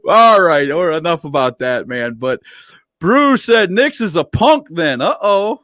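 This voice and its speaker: A man's voice: high-pitched, sing-song, slow pace, a bit bright, no echo, studio quality. A man hosting a casual livestream interview, playful and teasing as he reads viewer comments aloud. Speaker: interview host.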